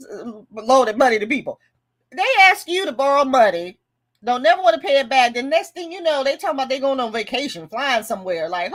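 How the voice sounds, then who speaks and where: A woman's voice: high voice, big pitch swings, brisk. A woman hosting a casual budgeting livestream, chatting, laughing and reading viewer comments aloud. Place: home livestream.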